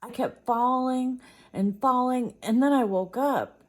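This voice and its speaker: A woman voicing a frightened little girl bear cub from a storybook, high and wailing. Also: fairly even intonation, moderate pace, darkish tone, lightly acted. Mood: upset.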